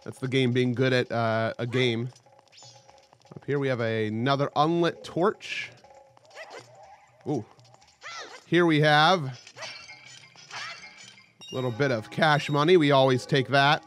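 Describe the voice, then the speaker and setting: A man's voice: medium pitch, slow, long pauses, soft background music. A young man casually commentating his gameplay, joking and yelping at sudden moments. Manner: excitable, joking, with sudden yelps. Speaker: let's play host.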